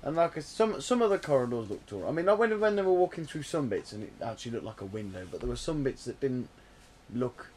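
A man's voice: mid-range voice, very animated, fast, darkish tone, slight background noise. A man chatting casually about films as a podcast co-host, swearing and laughing freely. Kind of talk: casual film chat.

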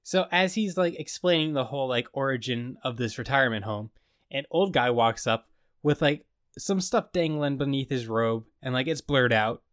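A man's voice: mid-range voice, moderate pace, fairly bright tone, no echo, clean studio sound. A young man co-hosting a casual podcast, recapping a show in a rambling way with lots of "like" and quoted lines. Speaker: podcast co-host.

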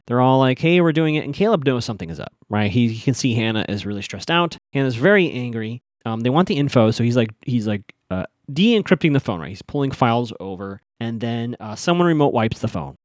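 Animated man recapping a TV show. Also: medium pitch, dry recording, clean studio sound. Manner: chatty, animated, acts out quotes. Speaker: podcast host. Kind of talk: casual recap commentary.

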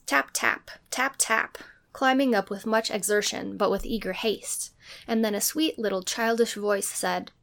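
Female narrator for a novel reading; steady, even delivery with gravelly texture. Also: mid-range voice, measured pace. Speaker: reader and co-host.

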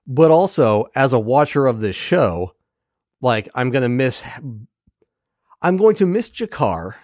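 A man co-hosting a podcast in casual chat, animated and profane, acting out lines from the episode. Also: mid-range voice, slow pace, dry recording, studio quality. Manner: animated, profane, acts out quoted characters. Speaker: podcast co-host.

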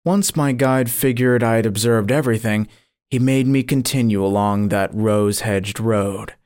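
A man narrating an audiobook in a measured, solemn reading. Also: lowish voice, a little mellow. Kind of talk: scripted narration.

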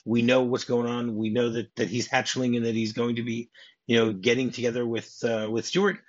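Male podcast guest, husky, dull lo-fi sound, chatty recap style. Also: medium pitch, flat delivery, a little fast. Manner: recaps scenes in detail, many fillers. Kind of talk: casual film discussion.

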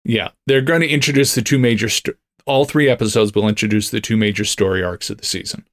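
A man co-hosting a podcast, explaining in halting, filler-heavy casual chat. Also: on the low side, steady tone. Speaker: podcast co-host.

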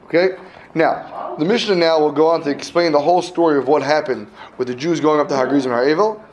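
A man's voice: fairly high pitch, steady tone, fast, poor audio. A man teaching a class, reading a text aloud and translating it line by line, checking in with his students. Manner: reads phrase by phrase, translating each; asks students questions, repeats himself.

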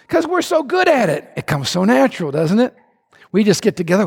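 Male pastor, high gravelly voice, lively humorous preaching, echoey hall. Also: brisk. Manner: animated, conversational preaching with humor. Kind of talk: sermon.

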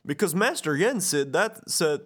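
A man's voice: on the high side, sing-song, measured pace, a bit bright, breathy edge, pitched above the performer's own voice, exaggerated voice. A man voicing a bumbling, amiable cartoon dog in a raised voice.

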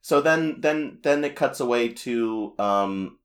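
A woman's voice: a bass voice, animated, slow. A woman co-hosting a podcast, recapping a cartoon episode in casual chat with many restarts and laughs. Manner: rambling, restarts, laughs often. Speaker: podcast co-host.

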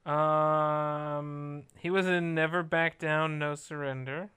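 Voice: medium pitch, fairly even intonation, takes it slowly, a bit bright, smooth. A podcast co-host in casual chat with a dry, joking delivery.

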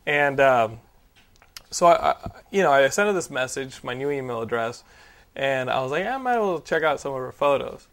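A man's voice: medium pitch, lively intonation, normal speed, fairly bright tone. A man hosting a podcast in casual chat, rambling through a story with lots of fillers and swearing. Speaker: podcast host.

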